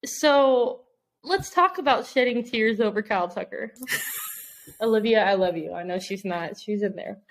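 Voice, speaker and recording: A woman's voice: medium pitch, measured pace. A young woman co-hosting a podcast in casual chat over a video call, telling stories and acting out what others said. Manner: storytelling, acts out quotes. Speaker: podcast co-host.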